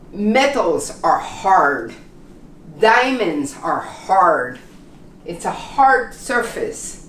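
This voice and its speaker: A woman teaches pronunciation very slowly and deliberately, and her pitch moves about a lot as she models each word. Her voice sits a little back from the mic in a roomy space with faint background ambience. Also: distant mic, slight background noise. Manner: slow, deliberate, repeats words for learners. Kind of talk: pronunciation lesson.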